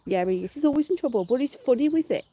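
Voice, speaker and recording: A woman's voice: high voice, animated, fast talker, mellow, breathy edge. A middle-aged British woman chatting casually on a live stream from her back garden, laughing and swearing freely. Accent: British English.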